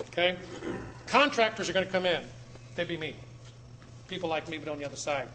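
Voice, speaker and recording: A man giving a public talk to a live audience in a room, emphatic, repeating words and swinging between loud and low. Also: expressive, brisk, slight background noise. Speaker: speaker addressing an audience.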